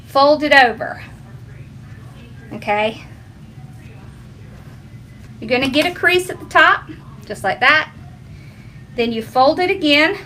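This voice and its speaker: A woman's voice: high voice, fairly bright tone, slight background noise. A woman hosting a casual craft tutorial at home, chatty and homey, talking to her viewers and her dog. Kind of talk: casual how-to demonstration.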